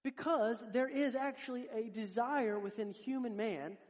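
A man's voice: very high-pitched, unhurried, darkish tone. A man preaching a sermon, earnest and direct, talking straight to his congregation.

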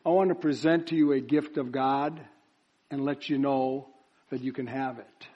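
A man's voice: mid-range voice, fairly even intonation, moderate pace, muffled recording. A man preaching a sermon at a church service, building up to emphatic repeated phrases. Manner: builds to emphatic chanted repetition.

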